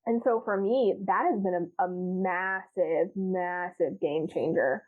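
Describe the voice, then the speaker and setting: A woman's voice: on the low side, unhurried. Frank, swearing woman on a phone line. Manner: frank, profane, laughs often, acts out her past self. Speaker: podcast guest. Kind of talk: candid casual chat.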